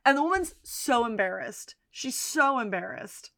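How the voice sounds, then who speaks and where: A woman co-hosting a podcast, casually recapping episodes and slipping into quick voices for the characters. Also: fairly high pitch, no echo, clean studio sound. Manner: retells scenes, quoting characters in lively voices. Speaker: podcast co-host.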